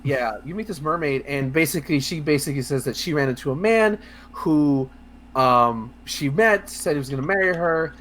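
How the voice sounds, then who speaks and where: A man co-hosting a casual video game podcast, talking in a rambling, excitable way with lots of fillers, restarts and swearing. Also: fairly high pitch, normal speed, slight background noise. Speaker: podcast co-host. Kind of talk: casual podcast chat about video games.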